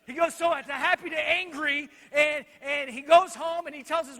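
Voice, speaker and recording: A male pastor telling a Bible story in an animated, joking way while directing helpers on stage, in a reverberant church hall. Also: extremely high pitch, moderate pace, few pauses. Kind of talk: children's Bible lesson storytelling.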